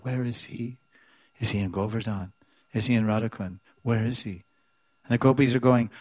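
A man teaching scripture in a middle-pitched voice, recorded dry and close with almost no room sound. He repeats words, chants lines of verse and then explains them in a measured way. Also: fairly even intonation, no echo. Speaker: spiritual teacher. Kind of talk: devotional scripture class.

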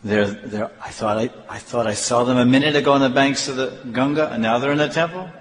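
A man voicing a puzzled priest who stammers in excited surprise. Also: mid-range voice, brisk, in a large hall, a little hiss or hum, close to an everyday voice. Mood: astonished.

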